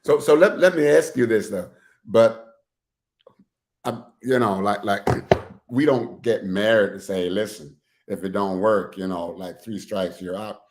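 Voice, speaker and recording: A man's voice: lowish voice, a little slow, darkish tone. A man hosting a talk show, asking questions earnestly and often restarting his sentences. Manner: earnest, with frequent restarts and repeated words. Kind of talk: casual interview.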